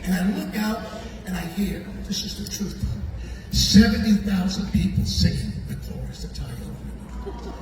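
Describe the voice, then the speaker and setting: An older man, a guest entertainer, telling a story in an animated, chatty way and acting out the voices of the people in it. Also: sits high, normal speed, faint music behind. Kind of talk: storytelling anecdote. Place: large echoing tunnel venue. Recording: echoey hall from far off, with crowd.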